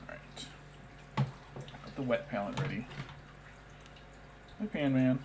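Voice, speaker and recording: A man's voice: mid-range voice, animated, slow, noisy background. A young man chatting casually while painting miniatures on a stream, rambling and now and then talking baby talk to his cat.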